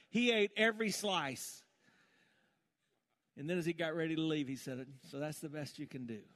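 High-voiced male pastor telling homespun stories. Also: fairly bright tone. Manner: storytelling with homespun humor. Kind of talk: sermon.

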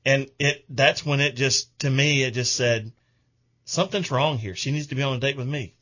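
Bright-voiced man hosting radio. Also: medium pitch, moderate pace, highs cut off. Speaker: radio show host. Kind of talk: casual radio chat.

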